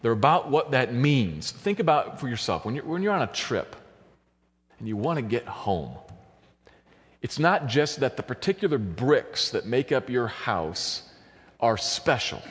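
A man preaching a sermon, walking through a passage and building to fervent, high-pitched emphasis. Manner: builds to loud, high-pitched fervor at climaxes. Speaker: pastor. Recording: long church hall reverb.

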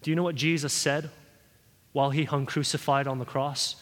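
A man's voice: fairly high pitch, steady tone, normal speed. Earnest pleading male preacher in a hall. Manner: earnest pleading preaching, swelling louder at key points. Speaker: pastor. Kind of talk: sermon. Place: church hall.

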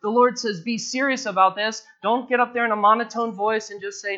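A man preaching an expository sermon, repeating his phrases and slowing down, his pitch rising as he presses each point home. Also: bright, forceful tone. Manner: repeats phrases, slows down and rises in pitch for emphasis. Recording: dull lo-fi recording.

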